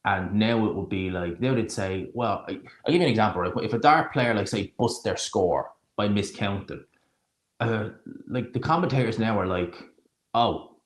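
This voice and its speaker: A man's voice: fairly low pitch, normal speed. Rambling, sarcastic man in a roomy echo. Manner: sarcastic, rambling, searching for names. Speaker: live watch-along streamer. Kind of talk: casual live-stream chat.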